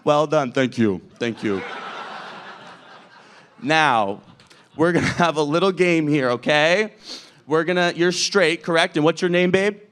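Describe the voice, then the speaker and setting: A man's voice: fairly high pitch, unhurried, pauses often, a bit bright, clear, resonant tone. A man hosting a drag comedy show, doing stand-up crowd work on a club stage in a brash, profane way as he teases the audience.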